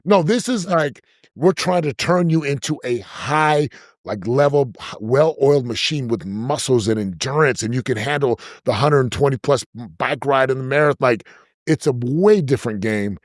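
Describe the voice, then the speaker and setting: A man's voice: medium pitch, normal speed, no echo, studio quality. Emphatic man coaching on a podcast. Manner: energetic, emphatic, repeats himself when stressing a point. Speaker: podcast guest, business coach. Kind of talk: conversational interview.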